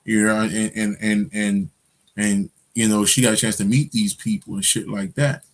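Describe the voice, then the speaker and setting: A man's voice: fairly low pitch, fairly even intonation, moderate pace. A man hosting his own channel, telling a story in a loose, profane monologue full of street slang, fillers and restarts. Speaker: spiritual channel host.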